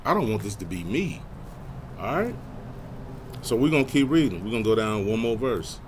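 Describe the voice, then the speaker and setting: A man with a lowish voice gives a Bible study lesson, talking straight to his listeners in a casual way. He drags out scripture readings slowly, then jumps up high in animated asides. Short tag words at the ends of his phrases fade down to almost nothing, with a faint hum of ambient noise behind him. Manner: slows right down to read scripture aloud; lively pitch jumps with soft trailing tag words. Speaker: Bible teacher.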